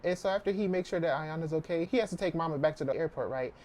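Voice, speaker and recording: A man casually recapping a novel's plot in a chatty, animated way. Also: a little high, fast. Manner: chatty, animated retelling with quoted voices. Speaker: book reviewer. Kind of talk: casual book summary.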